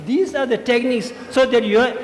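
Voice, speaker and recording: A man's voice: extremely high pitch, normal speed. A man giving emphatic feedback to students as a debate judge, repeating his key points. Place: large school hall. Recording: echoey hall, faint ambience.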